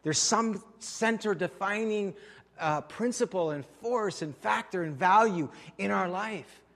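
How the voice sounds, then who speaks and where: A French Canadian pastor preaching a sermon, leaning hard on key phrases with loud emphasis and then dropping low and quiet. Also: male voice, measured pace, vocal fry. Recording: long hall reverb.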